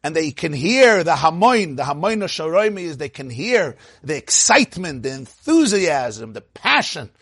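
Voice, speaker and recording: A man giving a Torah lecture, telling a Talmudic story with animated storytelling and Hebrew and Yiddish phrases. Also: fairly high pitch, normal speed, hardly any pauses, breathy edge, dry recording, clean studio sound. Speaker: rabbi teaching.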